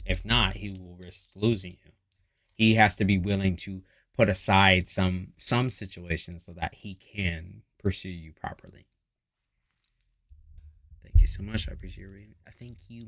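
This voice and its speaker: Low-voiced man hosting a casual live stream. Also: fairly bright tone, no echo. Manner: casual, profane, reads viewer comments aloud. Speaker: tarot reader. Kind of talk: live-stream chat with viewers.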